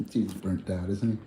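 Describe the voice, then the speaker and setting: A man's voice: sits low, noisy background. A man chatting loosely on a livestream, rambling in slang and laughing often. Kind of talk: casual livestream chat.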